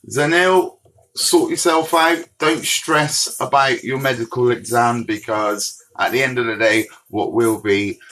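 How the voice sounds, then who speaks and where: A man's voice: on the high side, sharp tone, low-quality recording. A man in his forties from Bristol with a West Country accent, hosting a recovery livestream and answering viewers' comments by name in a direct, chatty way while walking around outdoors. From Bristol, England. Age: 40s. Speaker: recovery mentor livestream host. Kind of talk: casual livestream chat, reading comments. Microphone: phone livestream.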